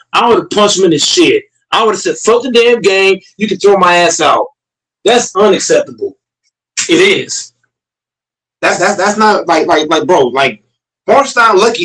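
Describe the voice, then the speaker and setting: A man's voice: sits high, a bit bright, poor audio. A man streaming a heated, profane rant, repeating himself and talking straight to his chat.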